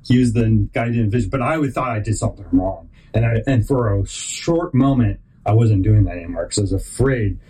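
This podcast host has a fairly low, breathy-edged voice and talks fairly quickly with few pauses. The audio is poor. He's animated, telling a rambling personal story, frequently restarting sentences and mimicking other people in raised voices.

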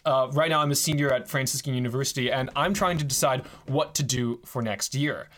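A man's voice: mid-range voice, fairly quick, a bit bright. A young man in his twenties hosting a faith podcast in a casual, playful way. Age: 20s. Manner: playful, reading scripture aloud. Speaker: podcast host.

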